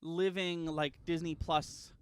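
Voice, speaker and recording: A man's voice: fairly high pitch, little pitch movement, takes it slowly, clean tone, dry recording. A young man co-hosting a casual podcast chat, rambling and hesitant with many fillers and laughs. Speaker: podcast co-host.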